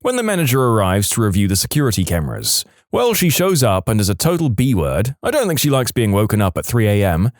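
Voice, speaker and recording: A man reads listener-submitted stories for a podcast, speaking close to a studio mic in a lively storyteller style, his pitch swinging widely through each one. He talks fairly quickly with hardly any pauses, and the sound is dry with no room or echo.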